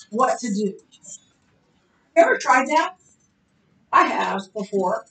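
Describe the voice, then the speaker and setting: A woman's voice: fairly high pitch, takes it slowly, pauses often, far from the mic. Lady teaching bible class, chatty, lots of ums, echoey room. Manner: chatty and animated, many fillers and restarts. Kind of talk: conversational Bible lecture. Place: church classroom. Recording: roomy echo with faint background hiss.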